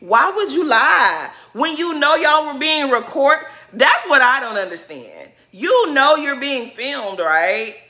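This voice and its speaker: A woman with a bright, forceful voice talks through a reality TV episode in a casual recap. She is blunt and sassy, loose with slang and swearing. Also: high-pitched, sing-song, takes it slowly, hardly any pauses. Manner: colloquial slang-heavy talk.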